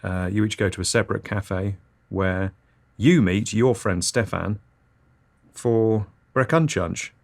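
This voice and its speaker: A man's voice: fairly low pitch, takes it slowly, creaky. A man hosting an absurdist comedy podcast, reading scripted nonsense in a dry, matter-of-fact way. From Britain.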